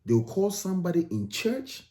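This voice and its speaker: A man's voice: high voice, very animated, normal speed, gravelly, dark tone. A man from Ghana, giving emphatic commentary on video clips and repeating phrases for stress.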